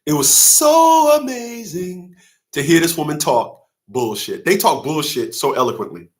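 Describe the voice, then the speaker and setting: A man's voice: medium pitch, animated, brisk. A man giving a heated, profane commentary monologue as a channel host, often acting out courtroom dialogue in a raised voice. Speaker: father's rights channel host.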